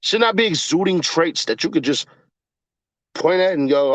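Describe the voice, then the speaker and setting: A young man chatting casually on a livestream and reading his chat aloud, cursing, laughing often, and jumping from mumbling to yelling. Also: on the high side, very animated, normal speed, no echo. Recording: dull lo-fi dry sound.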